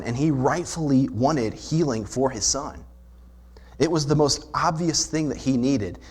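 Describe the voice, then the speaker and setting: A male pastor delivering a sermon, his voice sitting at an ordinary middle pitch. He talks earnestly and explains scripture step by step, often stopping to pose rhetorical questions to the congregation. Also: husky. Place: church sanctuary.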